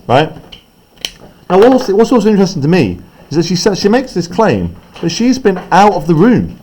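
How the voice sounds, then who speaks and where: A man's voice: on the high side, huge pitch swings, fairly quick, darkish tone. A man teaching a class, explaining a play text in a chatty way and often checking in with "right?".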